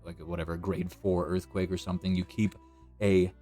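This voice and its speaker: A young man streams a video game with soft background music, giving live commentary at a slightly fast pace. He's chatty and jokey, with excited high outbursts and goofy put-on voices.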